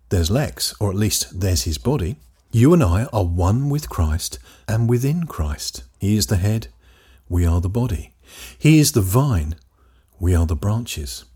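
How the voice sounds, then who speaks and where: A man teaching a Bible lesson, reading scripture aloud emphatically with dramatic pauses. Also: medium pitch, darkish tone, husky.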